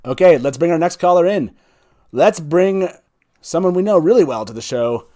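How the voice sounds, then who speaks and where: An upbeat man hosts a live call-in stream, laughing easily as he welcomes each caller. His voice sits a little high for a man. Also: animated, moderate pace, mellow. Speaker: host. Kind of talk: live call-in show chat.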